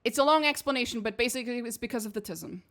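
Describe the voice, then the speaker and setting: A woman's voice: fairly high pitch, lively intonation, rapid-fire, a bit bright. A Portuguese-born woman whose English accent drifts between British and American. She streams games, reads game text aloud and comments in a rambling, profane way. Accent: mixed British and American English. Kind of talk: casual gaming stream commentary.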